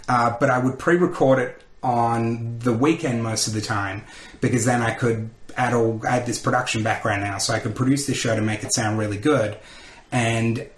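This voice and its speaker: A man, a comedian telling lively stories in a podcast interview and acting out the voices of people he quotes. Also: mid-range voice, roomy sound. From Australia. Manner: animated storyteller who acts out quotes. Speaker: comedian and radio host, podcast guest. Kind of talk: casual interview storytelling.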